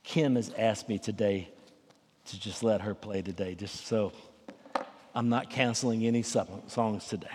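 A man's voice: lowish voice, moderate pace, a little mellow, big-room sound, a little hiss or hum. A man preaching a sermon as pastor, in a folksy, conversational way. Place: church sanctuary.

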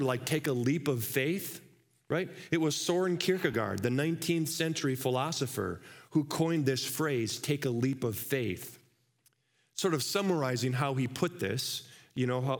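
A man preaching a sermon in a church, conversational and full of rhetorical questions. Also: on the high side. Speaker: pastor.

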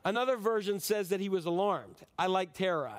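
A pastor giving a conversational sermon, asking the congregation questions and acting out pleading prayers. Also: male voice, a little fast. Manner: acts out frantic prayers in a higher, pleading voice.

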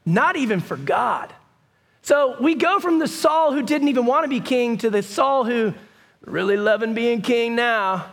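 A man preaching a sermon, telling the story in a lively, conversational way with bursts of raised voice. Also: very high voice, measured pace. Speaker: pastor.

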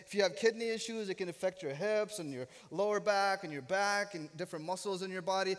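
Brief: man in his 30s, pastor, joking sermon storyteller, fairly high voice, long church-hall echo. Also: a little fast. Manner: humorous, self-deprecating storyteller. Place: church sanctuary.

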